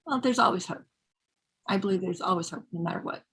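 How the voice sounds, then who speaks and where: A woman's voice: medium pitch, quick pace, a bit bright, slightly rough. A woman hosting an interview show over a video call, giving short, affirming replies. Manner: brief, affirming responses. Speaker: show host. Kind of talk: casual interview chat.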